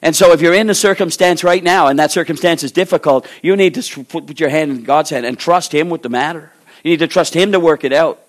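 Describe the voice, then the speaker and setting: A man preaching a sermon, acting out biblical dialogue and swinging between loud exhortation and hushed, slow pleading. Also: fairly high pitch.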